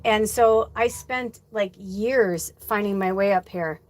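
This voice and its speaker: A woman's voice: mid-range voice, slow, a little mellow. A woman hosting a livestream as a spiritual medium, talking casually, rambling loosely and reading out viewer comments. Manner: chatty storyteller, acts out quoted dialogue.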